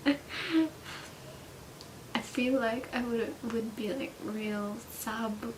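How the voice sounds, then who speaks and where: A woman's voice: fairly high pitch, slow pace, reverberant. A young woman chatting casually in a reading vlog, laughing often and dropping now and then to a whisper. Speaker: book vlogger. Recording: distant mic with steady background hiss.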